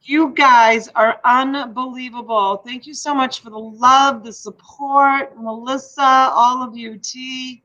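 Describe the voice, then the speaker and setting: A woman's voice: sits high, steady tone, takes it slowly, few pauses, bright, forceful tone. A woman chatting casually during a live online sale, stumbling and repeating words as she goes. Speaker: livestream seller. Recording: muffled livestream audio.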